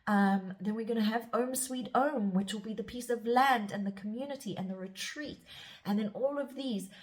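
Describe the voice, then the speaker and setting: A middle-aged woman with a fairly high voice speaks at a moderate pace. She is a spiritual guide and podcast host delivering a reflective monologue, rambling and self-searching as she keeps restarting her sentences.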